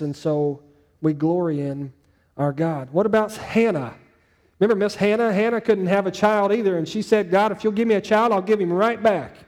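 Man preaching a lively sermon. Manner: animated preaching, rising for quoted lines and dropping low and soft for emphasis. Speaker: pastor.

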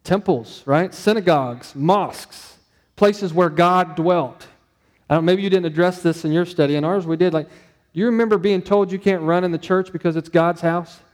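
A male pastor preaching a conversational sermon, animated and acting out his own inner dialogue. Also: high voice, normal speed, in a large hall.

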